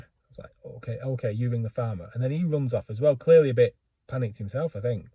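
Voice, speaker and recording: A man's voice: mid-range voice, fast, mellow, breathy edge, no room sound. A man telling a rambling, self-deprecating story in a casual vlog, full of fillers and restarts. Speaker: book vlogger.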